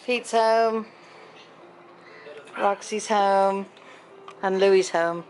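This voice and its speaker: Middle-aged woman, home vlogger, chatty and rambling, mid-pitched voice, faint background hiss. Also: slow, long pauses, low-quality recording. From Britain. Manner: chatty, rambling storyteller acting out quoted voices. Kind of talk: casual chatty vlog.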